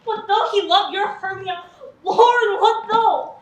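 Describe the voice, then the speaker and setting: A woman's voice: extremely high pitch, slow. A woman playing a lovesick, spurned young woman, declaiming verse with passion in a stage play. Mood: indignant. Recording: distant echoey stage, faint noise.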